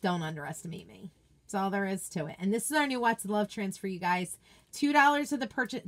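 An enthusiastic woman hosts a casual unboxing chat from her home office. She gushes over each item and answers her viewers in a chatty, excited way. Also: mid-range voice. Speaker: craft product seller and video host.

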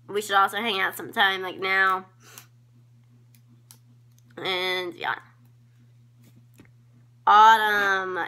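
Gushing about her friends in a laid-back shout-out vlog, a teenage girl speaks slowly into her phone camera, sprinkling in ums, likes, and giggles. Her medium-pitched voice is bright, slightly tense, and has vocal fry.

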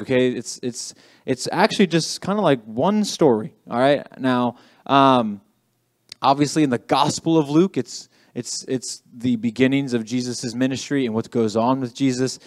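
Chatty young youth pastor, dry sound. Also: male voice, mid-range voice, moderate pace, a little mellow, no echo. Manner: chatty, self-deprecating, says "okay" often. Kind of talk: casual youth sermon. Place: church youth room.

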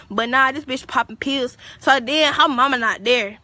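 A teenage girl telling a story on a livestream, profane, animated and defiant. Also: sits high, a little fast, hardly any pauses. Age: teens.

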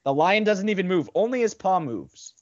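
A man's voice: high voice, lively intonation, moderate pace. A man in casual chat about a cartoon episode, cutting in to correct details. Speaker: show co-host. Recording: dry, dull lo-fi mic.

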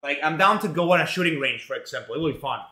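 Bright-voiced young man streaming from a roomy kitchen. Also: on the high side, expressive, very fast. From Mexico. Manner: rambling, profane, full of fillers. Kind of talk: casual live-stream chat while cooking. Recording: roomy home echo.

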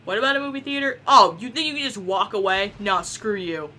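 A young woman casually commenting on a game she is playing, excitable and giggly, swearing often. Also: medium pitch, a little fast. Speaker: gameplay commentator. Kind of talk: casual let's-play commentary.

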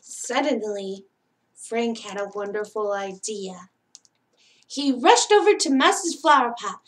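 A woman librarian reading a bedtime storybook aloud to children, gentle and expressive, with little sound effects. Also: fairly high pitch, slow.

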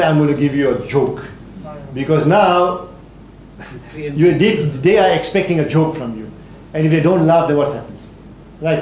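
A South African man with a slightly high, darkish voice leads a public speaking workshop lecture in a hall full of people. He lays out his points as lists and keeps quizzing the class, and the roomy recording carries a faint hiss.

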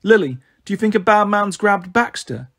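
A man's voice: high-pitched, animated, moderate pace, a bit bright, voice pushed up, exaggerated voice. A man reading a storybook aloud, voicing an anxious little girl who is frightened and tearful. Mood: scared. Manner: frightened, sobbing, breathless.

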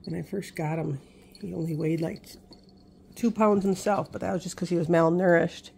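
A woman's voice: fairly low pitch, fairly even intonation, moderate pace, creaky, a little mellow, a little hiss or hum. A woman vlogging as a pet owner, chatting casually to her puppy in gushing baby talk.

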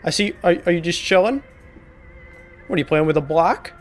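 High-voiced man joking through a game. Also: animated, normal speed, faint music behind. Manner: joking, profane, mock-apologetic banter. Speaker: gaming video host. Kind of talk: horror game let's play commentary.

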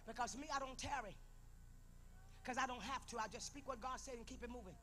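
A woman preacher delivering a sermon in a large church, swinging from hushed murmurs to shouted climaxes and repeating her phrases. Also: fairly high pitch, a little fast.

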